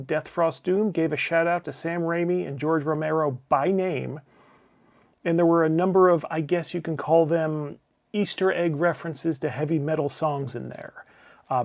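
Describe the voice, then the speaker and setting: A man's voice: on the high side, gravelly. A middle-aged man, a channel host, reading a scripted film review with blunt, profane opinions and wry asides. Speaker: channel host, game publisher.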